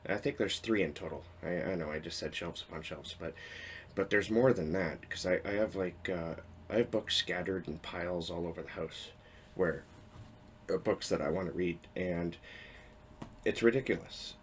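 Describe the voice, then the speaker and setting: A man's voice: sits low, moderate pace, slight background noise. A man in his thirties chatting casually to camera about his reading habits, rambling and correcting himself with small chuckles. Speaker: book vlogger. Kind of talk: casual talking-head vlog.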